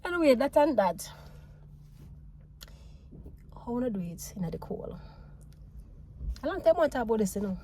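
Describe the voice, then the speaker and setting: Jamaican woman vlogger, lively and laughing, patois mixed with English, voice a bit high. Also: moderate pace, long pauses, slightly rough. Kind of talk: casual storytelling to camera.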